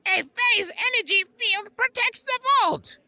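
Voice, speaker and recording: A man voicing a small, skittish male alien creature who works as a nervous tech slicer, with a squeaky, fretful voice. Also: a little slow, pushed and bright, dry recording, full character voice. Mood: protesting. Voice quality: squeaky, creaky. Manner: fretful, protesting.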